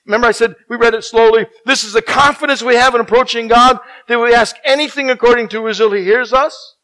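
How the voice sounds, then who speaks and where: High, bright-voiced male preacher. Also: fast talker, low-quality recording. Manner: dynamic preaching, swinging from loud emphasis to hushed near-whispers; emphatic repetition. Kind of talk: sermon.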